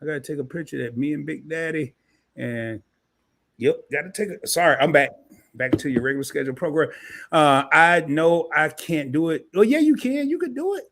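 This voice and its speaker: A man's voice: fairly high pitch, expressive, fairly quick, a bit bright. A man hosting a casual live-stream chat, joking and talking straight to his viewers while sore from a fall. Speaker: host.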